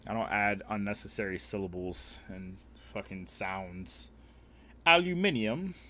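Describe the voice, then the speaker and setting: A man's voice: sits low, flat delivery, measured pace, sharp tone, slight background noise. A man streaming live, bantering casually with crude jokes and lots of swearing, rambling with fillers as he talks. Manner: rambling, with frequent fillers and restarts. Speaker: livestreamer. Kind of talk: casual livestream chat.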